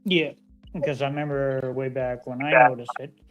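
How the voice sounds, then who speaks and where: A man of middling pitch joins a casual chat, mostly giving short, agreeable replies and the odd question. His tone stays relaxed and steady. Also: normal speed, soft background music. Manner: brief, agreeable interjections.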